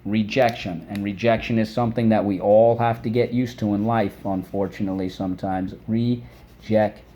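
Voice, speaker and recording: A man teaching a phonics lesson for children, patient and encouraging, saying words aloud and pausing for the class to repeat them. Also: on the low side, steady tone, mellow. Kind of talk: phonics lesson with call-and-response drills.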